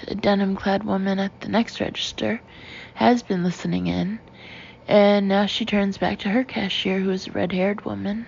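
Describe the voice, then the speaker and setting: A woman narrating a first-person audiobook in a wry, lively storytelling manner. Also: mid-range voice, moderate pace, creaky, slightly rough, dull audio.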